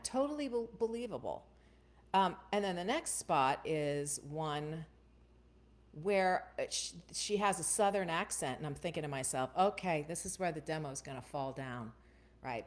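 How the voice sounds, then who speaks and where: Low, chatty woman hosting a casual voiceover Q&A. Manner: chatty, keeps asking "right?". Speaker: voiceover coach and host. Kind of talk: casual Q&A livestream.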